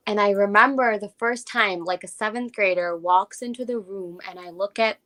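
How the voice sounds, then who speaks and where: A woman's voice: medium pitch, moderate pace, few pauses, bright, forceful tone. A young woman raised in Japan, speaking with an American accent, telling a personal story as an interview guest and reflecting aloud with many fillers.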